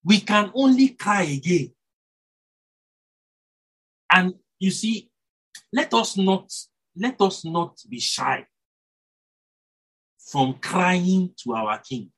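A man preaches to his congregation, his voice swinging widely between high and low. His tone is slightly husky. He stops and restarts phrases as he builds his points. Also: drawn-out words, pauses often, low-quality recording. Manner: animated, rises and drops for emphasis, self-corrects, chuckles. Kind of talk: sermon.

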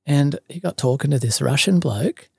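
A man's voice: fairly high pitch, animated, normal speed, creaky, dark tone, husky, no echo, clean studio sound. An Australian man telling a long story in casual chat, full of ums, likes and swearing. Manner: rambling, many ums and likes, swears freely. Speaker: podcast guest.

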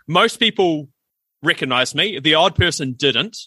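Bright-voiced New man telling stories. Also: fairly high pitch, measured pace, slightly rough, no room sound. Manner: animated storyteller, acts out quoted voices. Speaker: podcast co-host. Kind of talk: casual chat.

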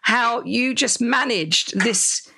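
A woman in casual chat, recalling an old gig with quick asides. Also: a little high, vocal fry, bright, forceful tone, breathy edge.

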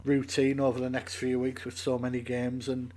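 A man co-hosting a casual football podcast, relaxed and hesitant, with plenty of fillers. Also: mid-range voice, moderate pace, slight background noise. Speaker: podcast co-host.

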